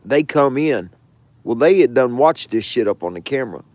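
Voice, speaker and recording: A man hosting his own show, telling a jail story in a profane, slangy, animated way with frequent asides. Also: mid-range voice, normal speed, dry recording. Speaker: show host. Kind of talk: casual storytelling of a jail anecdote.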